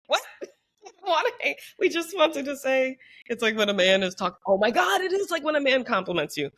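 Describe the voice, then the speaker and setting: A woman co-hosting a podcast in casual chat, lively and acting out quoted people. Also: normal speed. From United States. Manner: animated, acts out quoted voices with big pitch jumps. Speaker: podcast co-host.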